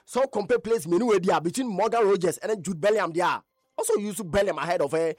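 A man with a Ghanaian accent presenting a radio sports news roundup, animated and emphatic, with repeated stresses on his points. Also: high-pitched, quick pace, no echo, clean studio sound.

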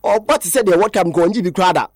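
A man with a Ghanaian accent hosts a sports talk radio show, his high-pitched voice fast and a little mellow in a clean, echo-free studio recording. He rambles through lists of player names and switches between languages.

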